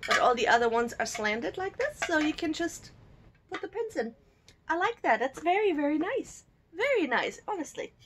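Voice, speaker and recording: A woman's voice: sits high, big pitch swings, moderate pace, a bit bright, slight background noise. A woman from Germany chatting casually as she unboxes a subscription box at home, cooing over the cute items and giggling often. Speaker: unboxing vlogger.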